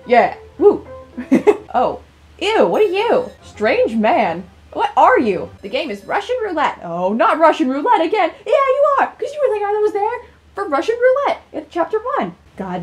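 Excitable woman with a high, lively voice. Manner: excitable, dramatic reactions, laughs a lot. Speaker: gaming video host. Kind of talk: let's-play reaction commentary.

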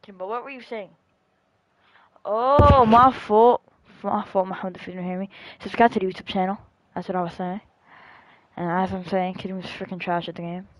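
A young man commentating his own football video game and trash-talking his friends in a teasing, excitable way. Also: high-pitched, fairly quick, no echo. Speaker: gamer streaming a football match. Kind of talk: casual gaming commentary.

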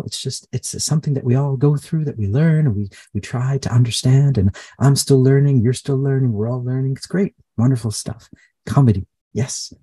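A man's voice: medium pitch, vocal fry, warm tone, breathy edge, no echo, pitched above the performer's own voice. A man channeling a playful, cheerful male spirit being in a live session, repeating himself and reassuring listeners. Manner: bubbly, repetitive, reassuring.

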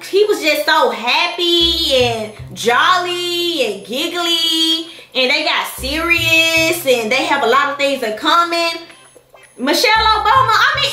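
Woman, sassy vlogger, high bright voice, slow delivery, echoey room, faint music. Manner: sassy, talks straight to viewers. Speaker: reaction vlogger. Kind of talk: animated reaction vlog.

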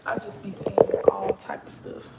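A woman's voice: moderate pace, in a whisper. Profane East Texas woman livestreaming. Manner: candid, profane, rambling. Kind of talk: casual livestream chat. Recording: echoey room with background noise.

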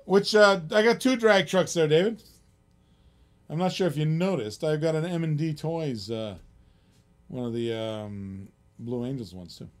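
A man's voice: on the high side, a little slow. Chatty man hosting a live auction. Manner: rambling, chuckles often, reads out bids.

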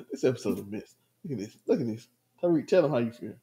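A man's voice: mid-range voice, lively intonation, fast talker, dark tone, husky. A man co-hosting a casual TV review chat, joking and laughing often. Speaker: podcast co-host.

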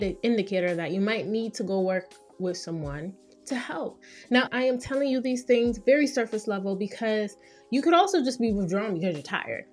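A woman's voice: medium pitch, darkish tone. A woman, hosting a casual solo podcast as a therapist and talking candidly and playfully. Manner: candid, playful, acts out quoted voices.

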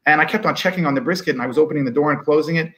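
A man speaking as a pitmaster guest in a casual panel discussion, telling stories in an animated, chatty way. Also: a little high, racing. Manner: animated storyteller, warm and chatty.

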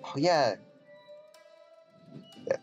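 Reading a game's dialogue aloud as he plays, a man offers jokey, offhand commentary and mutters asides. His voice is extremely slow with a darkish tone. The lo-fi recording sounds dull, with faint game music underneath.

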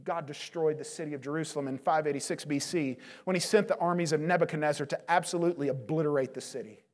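A man's voice: a little high, quick pace. Male pastor preaching, earnest and pleading, voice rising and falling. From United States. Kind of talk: sermon.

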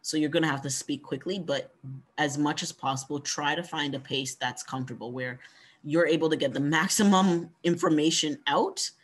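A man giving a conversational workshop talk on pitching, coaching and encouraging, often ending points with "right?". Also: moderate pace, fairly bright tone. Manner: conversational, frequent "right?" tag questions. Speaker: workshop presenter.

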